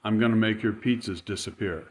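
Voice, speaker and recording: A man voicing a calm, wry pizza delivery driver who answers an angry customer. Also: on the low side, fairly quick, natural voice. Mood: dry. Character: calm wry male pizza driver, part-time magician.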